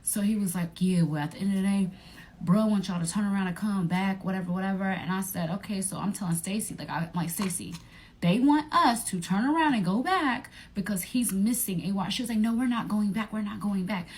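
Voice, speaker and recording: A young woman, telling a profane storytime vlog in an animated way and acting out her friends' voices. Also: mid-range voice, a little fast. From Atlanta area, United States.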